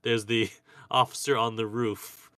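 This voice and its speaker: Bright-voiced man, dry close sound. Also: mid-range voice, no room sound. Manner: relaxed, laughs often, quick reactions. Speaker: podcast co-host. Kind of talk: casual chat.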